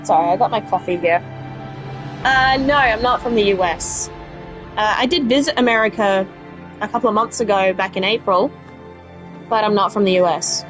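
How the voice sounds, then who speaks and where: A woman's voice: mid-range voice, normal speed, pauses often, a bit bright, soft background music. A woman with a South Australian accent, chatting casually with viewers while playing a game. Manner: chatty, rambling, answers live chat. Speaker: let's play streamer. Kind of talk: casual gaming chat with viewers.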